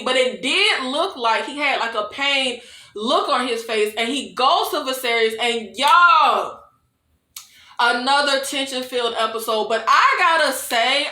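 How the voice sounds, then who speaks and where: A young woman, recapping a TV episode in a sassy, expressive way and laughing often. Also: sits high. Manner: expressive, sassy, laughs often, calls viewers "y'all" and "baby". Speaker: TV recap reviewer. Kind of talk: casual, animated episode recap. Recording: echoey room.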